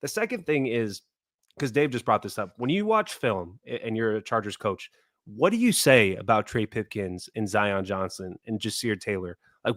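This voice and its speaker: A mid-pitched man co-hosts a sports podcast and vents with heated frustration. His delivery is casual and emphatic. The sound is dry and close. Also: fairly bright tone, no room sound. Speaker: podcast co-host.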